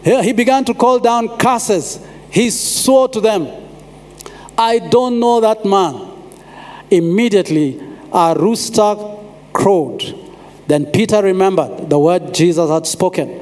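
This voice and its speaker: A man preaching a sermon as pastor, pausing and repeating phrases for emphasis. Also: high voice, a little mellow. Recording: long hall reverb.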